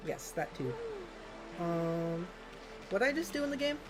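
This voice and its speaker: A woman's voice: on the low side, sing-song, unhurried, music in the background, poor audio. A woman co-hosting a game stream, chatting playfully with her partner and reading out comments from chat. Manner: playful, giggly, reads chat aloud. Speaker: streamer co-host.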